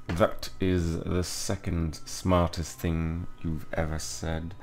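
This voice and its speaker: A stern, sneering potions professor, read by a man. The voice sits very low with a rough, gravelly texture. Every word comes slowly and coldly. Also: flat delivery, a little mellow, faint music behind. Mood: disdainful.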